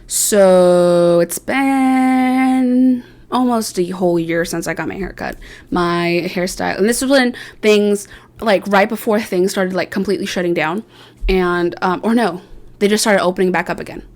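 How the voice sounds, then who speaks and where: A young woman talks straight to her viewers in a loose, rambling vlog. She tells her story in a chatty, self-mocking way, full of fillers and quick asides. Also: medium pitch, a little mellow. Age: young adult. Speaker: vlogger.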